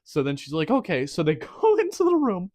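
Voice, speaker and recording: A man's voice: high voice, wildly swooping pitch, a little fast, dark tone, no room sound. A young man hosting a record review, animatedly retelling a story in a rambling, laughing way. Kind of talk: casual review monologue.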